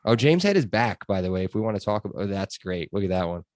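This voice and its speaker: A man with a very low voice hosts a casual sports podcast. He talks in a chatty, loose way with plenty of fillers. The sound is dry and close. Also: big pitch swings, fast talker, a little mellow, no room sound. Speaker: podcast host.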